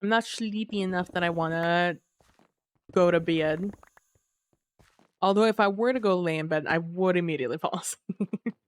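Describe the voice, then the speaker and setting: A woman's voice: fairly low pitch, normal speed, long pauses, clean tone. Sleepy, chatty woman streamer. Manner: relaxed, chatty, muses aloud to chat. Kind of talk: casual live gameplay chat.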